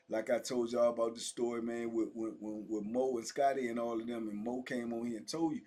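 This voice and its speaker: Middle-aged guy telling prison stories, husky mellow voice, keeps repeating himself for emphasis, lots of slang. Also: medium pitch. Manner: emphatic and repetitive, heavy street slang, calls out to fans. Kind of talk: casual storytelling monologue to viewers.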